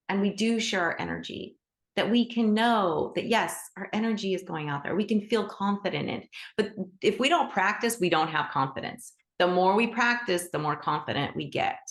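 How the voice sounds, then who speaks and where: A woman hosting a live online group class as a teacher, talking with enthusiasm and big swings in pitch. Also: a bit bright. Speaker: animal Reiki teacher and host. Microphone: video call.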